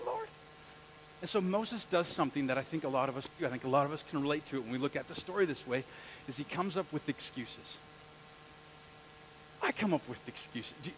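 A male pastor preaching a sermon, animated, acting out the scripture scenes as he reads. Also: sits high, slight background noise, low-quality recording.

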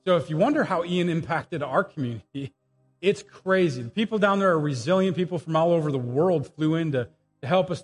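A middle-aged man preaching an informal sermon full of personal stories and jokey asides, live in a church. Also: on the high side. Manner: chatty, animated, jokey asides. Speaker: guest pastor. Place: church sanctuary. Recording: live church audio with long reverb, faint music.

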